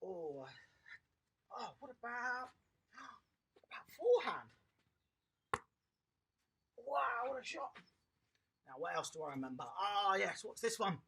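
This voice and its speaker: This toddler tennis coach takes things slowly during a lively online class for little kids, with long pauses. Upbeat and encouraging, the coach praises every child by name in a medium-pitched voice that's creaky with a breathy edge.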